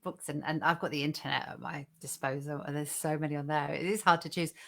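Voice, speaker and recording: Woman reading a poem, low voice. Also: steady tone, quick pace, vocal fry. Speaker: co-host reading poems. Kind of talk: poetry reading and casual chat.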